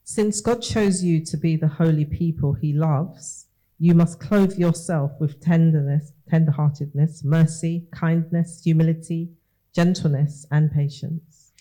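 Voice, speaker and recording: A woman reading a passage of scripture aloud in a slow, measured way during a church service. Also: low-pitched, fairly even intonation, warm tone, rough recording. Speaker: scripture reader.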